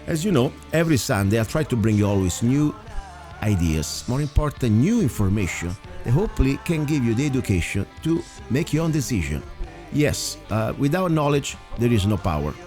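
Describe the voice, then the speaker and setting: A man with an Italian accent hosts a local talk radio show, speaking earnestly and rambling between points. His voice sits at a middling pitch, and faint music plays softly underneath him. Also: very animated, fairly quick. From Italy. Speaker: radio host.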